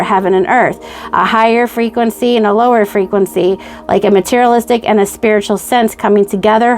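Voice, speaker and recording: A woman giving a pick-a-card tarot reading, gushing and excitable, speaking straight to the viewer and checking in with "okay?" and "right?". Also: fairly high pitch. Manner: says "okay?" and "right?" often. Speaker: tarot reader.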